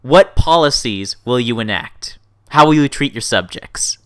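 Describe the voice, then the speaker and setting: A man hosting a casual interview, jokey and excitable, laughing often. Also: mid-range voice, measured pace, clear, resonant tone. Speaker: interview host.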